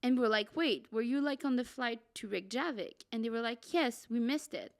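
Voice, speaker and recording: A young woman, a podcast co-host, telling a travel story in a dramatic, excitable way and saying "like" a lot. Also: a little high, normal speed. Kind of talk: casual storytelling.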